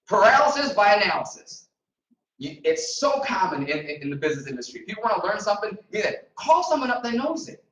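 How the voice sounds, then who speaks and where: A man giving an energetic, repetitive motivational seminar talk to a group in a meeting room. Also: sits high. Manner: energetic, repetitive, preacher-like emphasis. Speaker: motivational trainer. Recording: echoey room, distant mic.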